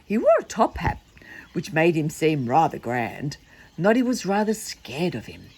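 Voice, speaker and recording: A woman's voice: deep voice, sing-song, a little slow, a little mellow, slightly rough. An older woman reading a children's book aloud, chatty and playful with asides to the listener. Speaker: storyteller.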